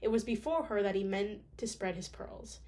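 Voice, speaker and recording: A woman reads a classic novel aloud in a relaxed, casual way, tripping over a word now and then. She sounds slightly sick. Her pitch sits in the middle for a woman. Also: moderate pace. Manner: casual, joking asides, occasional stumbles. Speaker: audiobook reader. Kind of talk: casual audiobook reading with asides.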